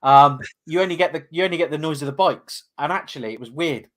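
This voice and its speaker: A podcast co-host talks fast in a slightly high voice. He's rambling and enthusiastic on a casual fan podcast, full of fillers.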